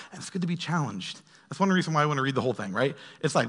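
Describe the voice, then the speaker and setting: A man leading a relaxed Bible study as pastor, talking conversationally and acting out quoted voices. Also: a little high, quick pace, long reverb tail. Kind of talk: casual Bible study teaching.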